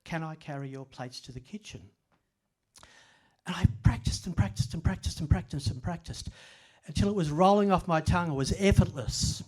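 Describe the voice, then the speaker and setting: An older man speaks at a library event, spinning humorous stories at his own expense. His voice sits slightly higher than most men's. He keeps an easy storytelling tone. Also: normal speed. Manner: self-deprecating humorous storyteller. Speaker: author giving a talk. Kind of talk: storytelling presentation.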